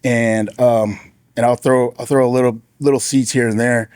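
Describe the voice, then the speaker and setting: A man shares a personal testimony in a plain, middle-pitched voice, telling it casually with frequent restarts. He bumps his pitch up when he quotes others. The sound is dry and close, with little room echo. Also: steady tone, moderate pace, a little mellow, clean tone. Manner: earnest, casual storytelling with many restarts. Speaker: former sheriff's deputy sharing testimony.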